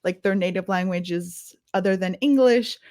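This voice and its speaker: A woman's voice: on the low side, moderate pace, darkish tone, dry recording, clean studio sound. A woman with a Scottish accent, chatting enthusiastically as a podcast co-host and asking an author questions. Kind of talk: casual chat.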